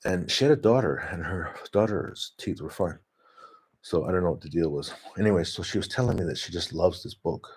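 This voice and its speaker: Man, fairly low voice, husky, rambling casual chat, laughs a lot, loose restarts. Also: animated, fairly quick. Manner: laughs often, restarts and trails off. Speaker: vlogger. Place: home, talking to his dog.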